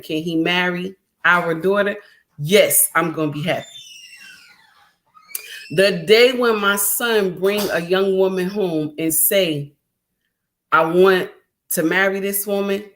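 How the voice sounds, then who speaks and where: A woman's voice: lowish voice, fairly bright tone. A middle-aged woman hosting a livestream, talking straight to her viewers in an emphatic, repetitive, preachy way. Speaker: livestream host.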